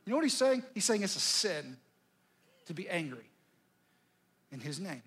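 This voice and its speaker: A middle-aged male pastor preaching a conversational, dramatic sermon, dropping from loud to near-whisper. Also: sits high, animated, fairly quick, slightly rough.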